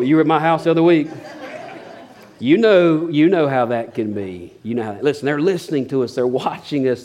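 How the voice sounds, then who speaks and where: An earnest middle-aged pastor preaches a sermon in a medium-pitched, slightly mellow voice. He frequently repeats a word as he restarts a thought.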